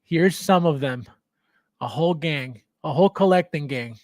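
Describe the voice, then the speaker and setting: A man's voice: a little high, moderate pace, no echo, clean studio sound. A man hosting a casual livestream from his home basement, greeting viewers by name, reading chat aloud and laughing often. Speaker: livestream host.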